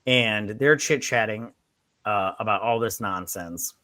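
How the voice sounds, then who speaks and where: Bright-voiced man recapping a movie. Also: lowish voice, a little slow, no room sound, clean studio sound. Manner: rambling, retells scenes with quoted voices and swearing. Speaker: movie review co-host. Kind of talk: casual drunk movie review chat.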